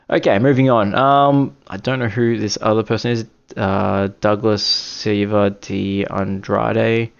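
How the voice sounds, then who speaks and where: A man's voice: on the low side, creaky, highs cut off. A man talking on his own in a casual, rambling way, often correcting himself and apologizing. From Australia. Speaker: podcast host giving fight picks. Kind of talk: casual solo commentary.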